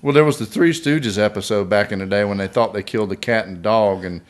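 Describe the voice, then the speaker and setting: A man's voice: lowish voice, fairly quick. A man in his fifties with a mild Southern accent, co-hosting a casual podcast chat and telling easygoing stories. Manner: easygoing storyteller. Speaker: podcast co-host.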